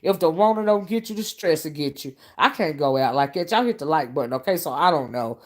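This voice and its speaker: A woman's voice: low-pitched, expressive, fairly quick. A woman vlogger chatting casually to her viewers, calling them honey and y'all and often asking if they see what she's saying. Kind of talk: casual live-stream commentary.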